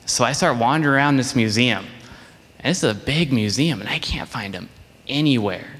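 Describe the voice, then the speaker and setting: A man telling a story as a children's sermon, animated and acting out the voices in it. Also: medium pitch, a little fast. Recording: long reverb of a large hall.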